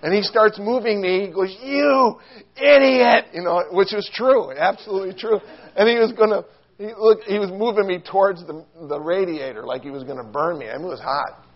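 The audio loses its highs as a high-pitched preacher speaks fairly quickly, sharing a funny tale from his childhood during a sermon. He's animated and self-deprecating, acting out the lines with squeals and shouts.

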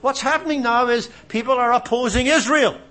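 A man's voice: very high voice, fairly quick, bright, forceful tone. A man from Canada preaching a sermon, impassioned, asking rhetorical questions and repeating phrases for emphasis.

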